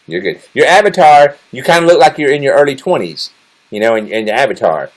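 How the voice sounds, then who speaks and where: A man's voice: medium pitch, big pitch swings, fairly quick. Guy streaming live, crude teasing jokes with chat, voice jumps all over the place. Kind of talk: casual livestream chat with viewers.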